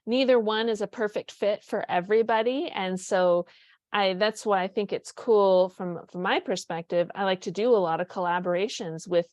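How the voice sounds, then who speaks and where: A woman's voice: medium pitch, fairly even intonation, normal speed, a little mellow, dry recording. Chatty woman podcast host, dry sound. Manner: chatty, rambling, frequent restarts and "like". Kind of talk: casual conversational interview.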